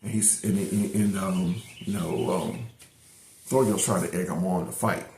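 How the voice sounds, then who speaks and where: A man's voice: sits low, fairly even intonation, measured pace, a little mellow, a little hiss or hum. A middle-aged man casually reviewing an episode, retelling the plot in a rambling way with many fillers and restarts. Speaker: anime reviewer. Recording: roomy echo.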